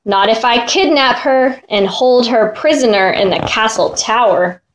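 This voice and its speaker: Little boy play-acting a villain wizard, voiced by a woman, lower than the girl, hammy. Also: measured pace, natural voice, poor audio. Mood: mock menacing.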